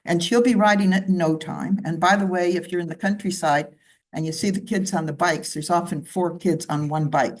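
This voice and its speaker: A woman's voice: lowish voice, fairly even intonation, moderate pace. Woman giving a chatty slide talk. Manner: conversational, with asides and side remarks. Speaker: club speaker.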